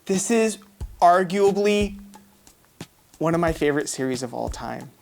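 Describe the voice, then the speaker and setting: A woman in a casual unboxing vlog who talks to her viewers in an excitable, slangy way. Her voice sits fairly low, but it swoops up and down widely as she reacts. A faint hiss of noise sits under her speech. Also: unhurried, creaky. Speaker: manga reviewer.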